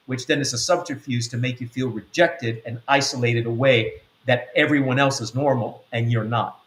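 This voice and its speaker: A man's voice: mid-range voice, normal speed, few pauses, fairly bright tone, echoey room. A man giving a spiritual teaching talk as an apostle. He speaks earnestly and repeats his points. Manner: earnest, repetitive, acts out quotes.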